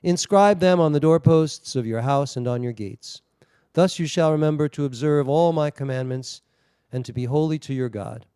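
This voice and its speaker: Brief: male rabbi on video call, smooth tone, chatty asides. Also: a little high, warm tone, no room sound, clean studio sound. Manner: halting asides with restarts. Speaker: rabbi leading a service. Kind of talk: liturgy reading and casual storytelling.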